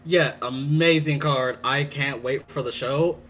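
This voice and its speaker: A man's voice: mid-range voice, fairly even intonation, unhurried, a bit bright, faint music behind. A man as a guest on a casual podcast, playful and teasing.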